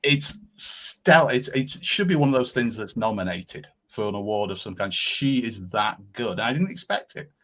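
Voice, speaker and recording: A man's voice: lowish voice, expressive, normal speed, hardly any pauses, a bit bright. A man appearing as a guest on a podcast, chatting enthusiastically and rambling with frequent restarts. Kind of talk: casual podcast chat.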